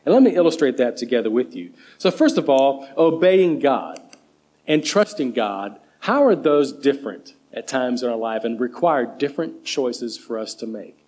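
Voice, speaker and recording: Animated pastor preaching, emphatic man. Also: normal speed. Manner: emphatic, stresses single words with rising pitch. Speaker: associate pastor and children's director. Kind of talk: sermon.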